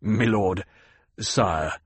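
A man voicing a loyal, gruff male swordmaster who talks in clipped, urgent bursts. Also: fairly low pitch, very slow, no room sound, heavily acted.

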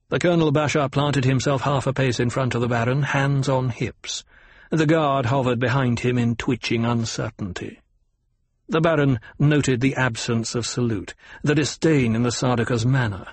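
A man narrating an audiobook in a measured way, slowing on descriptions. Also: medium pitch, breathy edge, no room sound. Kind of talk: scripted narration.

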